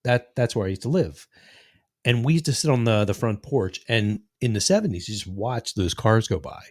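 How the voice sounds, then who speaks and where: A podcast host in his sixties tells long, rambling, profane stories in casual conversation, acting out the lines of the people in them. His voice is on the low side and expressive, at a moderate pace.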